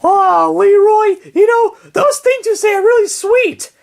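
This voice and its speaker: A man voicing a shrill female bird puppet in a homemade puppet show, in a squeaky falsetto. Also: unhurried, vocal fry, heavily acted. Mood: gushing.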